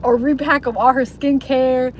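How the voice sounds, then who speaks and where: A woman's voice: high-pitched, steady tone, normal speed, a little hiss or hum, poor audio. A young woman live streaming, chatting casually to her viewers in a rambling, slangy way with plenty of swearing. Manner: rambling, slangy and profane, mocking voices. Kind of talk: casual livestream chat to viewers.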